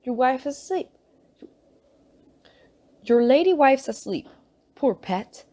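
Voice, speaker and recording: A woman's voice: high-pitched, sing-song, slow pace, mellow, pitched above the performer's own voice, full character voice. A woman putting on a flustered, gushing nun. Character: flustered chatty middle-aged nun. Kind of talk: audiobook character reading.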